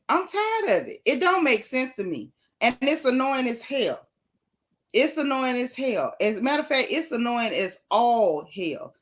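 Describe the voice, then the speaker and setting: A sassy woman with a Southern drawl runs a livestream gossip show, hammering her points home by saying them twice. Her voice sits a little high and rings bright and forceful. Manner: sassy, emphatic, repeats lines for effect. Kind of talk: casual livestream gossip commentary.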